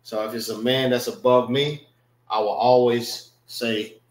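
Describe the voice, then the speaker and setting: Man w/ teaching a class real slow, keeps saying all right, echoey room. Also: medium pitch, flat delivery. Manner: slow, explanatory, repeats "all right" and checks on students. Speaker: class instructor.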